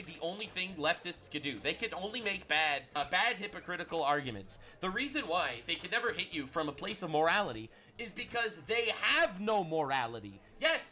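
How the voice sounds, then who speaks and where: Brash high-voiced male streamer. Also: bright, forceful tone. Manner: brash, profane and sarcastic ranting. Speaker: livestream host. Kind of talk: livestream political commentary.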